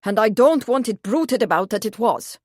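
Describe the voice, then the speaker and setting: A woman voicing a portly, jovial royal gentleman who speaks with a German accent in a deep, guttural voice, in an audiobook. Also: animated, moderate pace, dry recording, clean studio sound. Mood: genial, stern.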